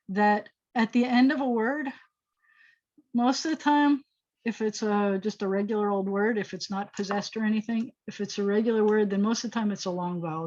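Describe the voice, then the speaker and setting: Over a video call, a woman rabbi with a mid-range, slightly mellow voice leads an online Hebrew lesson. Her explanations come step by step, chatty and full of thinking aloud, in lo-fi sound.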